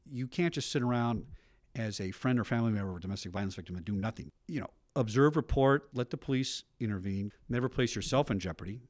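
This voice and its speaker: A middle-aged man, a retired police officer, telling stories in a documentary interview with brisk asides. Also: on the low side, a little mellow, no echo, clean studio sound. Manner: brisk storytelling with frequent asides.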